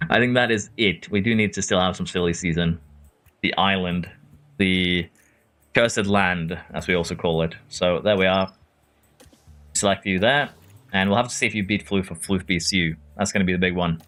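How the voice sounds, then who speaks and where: Deep-voiced and slightly bright, a Norwegian man talks at a moderate pace as he casually commentates on a racing management game. As a streamer reading chat, he's chatty, replies to viewers by name and chuckles often.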